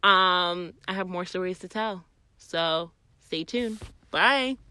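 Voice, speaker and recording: A young woman vlogger telling a story in a casual, profane, animated way, often laughing. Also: on the low side, slow pace, very noisy.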